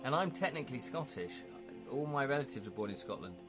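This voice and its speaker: A UK streamer and illustrator chats casually on a live stream over music, rambling a bit and reading viewer comments aloud. His mid-range voice is expressive and he talks fast.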